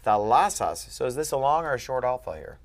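A man's voice: medium pitch, expressive, fast. A man teaching Greek grammar one-on-one, asking questions and stressing the key points patiently. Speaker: Greek tutor.

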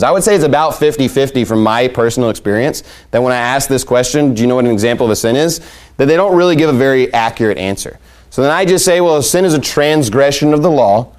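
A man's voice: medium pitch, a little mellow. A man teaching how to share the gospel in a conversational way, asking rhetorical questions and acting out both sides of an exchange. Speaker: evangelism teacher. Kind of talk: instructional talk on sharing the gospel.

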